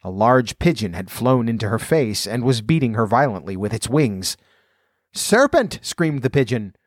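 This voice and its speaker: A man's voice: lowish voice, normal speed, dry recording. Man reading a storybook, dry sound. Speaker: narrator.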